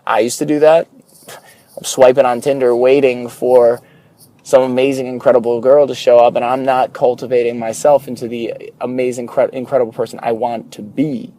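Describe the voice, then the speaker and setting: A young man records a candid podcast monologue from his car during the morning commute. His voice is mellow and warm, at an ordinary middle pitch, and he talks with earnest openness, dropping in a swear word here and there. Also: level tone, normal speed, no echo. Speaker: podcast host. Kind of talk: casual solo podcast monologue.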